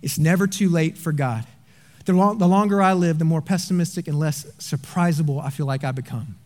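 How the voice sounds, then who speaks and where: A man preaching a sermon as pastor, telling a story with animated energy and then dropping into quiet, earnest appeals. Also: fairly high pitch, brisk.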